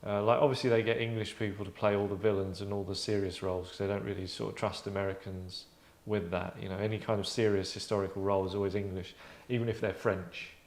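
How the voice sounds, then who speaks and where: A man with a lowish voice hosts a casual chat, wry and chatty. He talks freely and loosely, and the room sounds roomy and echoey. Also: little pitch movement, fast, hardly any pauses. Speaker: host. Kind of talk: casual discussion. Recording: roomy echo.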